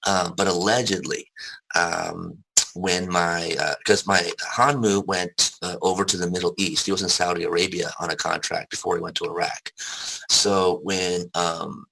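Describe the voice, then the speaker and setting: A man's voice: low voice, creaky, pushed and bright, poor audio. A young adult man, an interview guest, frankly telling personal stories with casual swearing and many restarts. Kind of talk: candid personal storytelling.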